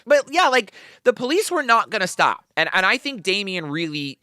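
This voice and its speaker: A woman co-hosting a casual true-crime podcast, telling the case in an animated way and mocking the suspects in put-on voices. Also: mid-range voice, normal speed, no room sound, clean studio sound. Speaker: podcast co-host.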